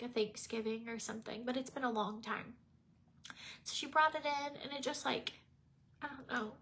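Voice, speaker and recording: A woman's voice: a little high, a bit bright. A woman, chatting casually on a livestream, tired and teary, rambling with many fillers and restarts. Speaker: makeup vlogger.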